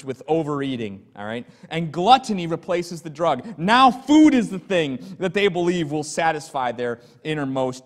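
A male pastor delivers an earnest, emphatic sermon with a fairly high voice. He mixes warnings with personal stories and drops to a quiet, confiding tone at times. His voice trails off into the long reverb of a church sanctuary.

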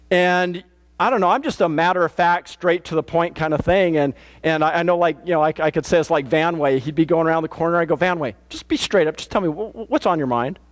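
High-voiced man preaching a casual sermon. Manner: plain-spoken and matter-of-fact, with frequent restarts. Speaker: pastor. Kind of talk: conversational sermon. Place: church.

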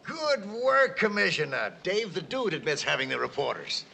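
An actor playing a pompous, indignant city mayor in a 1960s film. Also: male voice, sits high, sing-song, moderate pace, creaky, sharp tone, slight background noise, exaggerated voice. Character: flustered big-city mayor, middle-aged, self-important.

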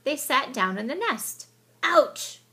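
A woman reading a children's picture book aloud with expressive storytelling, and she sometimes stops to explain the story. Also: on the high side, slow.

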